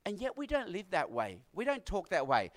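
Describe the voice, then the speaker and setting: Earnest high-voiced male preacher. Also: huge pitch swings. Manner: earnest, repetitive preaching with dramatic pauses. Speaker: pastor. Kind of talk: sermon.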